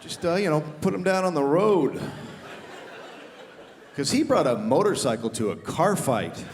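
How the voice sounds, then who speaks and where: Man doing stand-up, lively pitch, fairly high voice, long theater reverb. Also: normal speed, noisy background. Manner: animated storytelling, shouting acted quotes. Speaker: stand-up comedian. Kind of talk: stand-up comedy. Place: large theater stage. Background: audience laughter.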